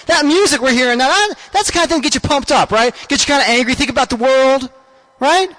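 Very high-voiced ranting male show host. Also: fast, sharp tone. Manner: rambling, stammering, indignant. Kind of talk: comic ranting monologue.

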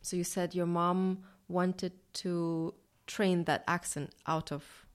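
A woman interviewer asking calm, measured questions about someone's voice. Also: lowish voice.

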